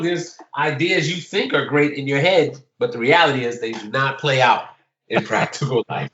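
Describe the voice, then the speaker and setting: A middle-aged man, a guest poet, telling a story in casual conversation and acting out the dialogue with lively shifts. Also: medium pitch, normal speed, dull audio, slight background noise. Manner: animated, acts out dialogue in the story.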